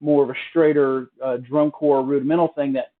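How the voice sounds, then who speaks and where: A man's voice: mid-range voice, fairly quick, background noise. Man teaching drums over a tinny line. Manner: relaxed, explanatory, with many fillers and restarts. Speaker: drum teacher. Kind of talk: casual spoken drum lesson. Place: hotel room. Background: drum practice pad.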